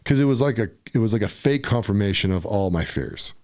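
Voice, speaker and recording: A man from Utah, a podcast guest, telling a personal story in a casual, animated way, often saying "dude" and "right?". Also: lowish voice, fairly quick.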